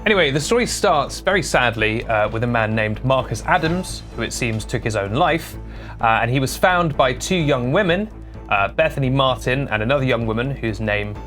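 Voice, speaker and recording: A young man hosts an online news show, reading out stories and viewer replies. His delivery is dry and sarcastic, with deadpan jokes at his own expense. His pitch sits in the middle, and faint music plays behind him. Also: normal speed. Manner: dry, sarcastic, self-deprecating asides. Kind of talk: scripted online news commentary.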